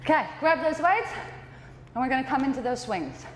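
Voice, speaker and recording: A woman's voice: high voice, expressive, a little fast, in a large hall, background noise. A woman fitness trainer coaching a workout class, encouraging and out of breath between exercises.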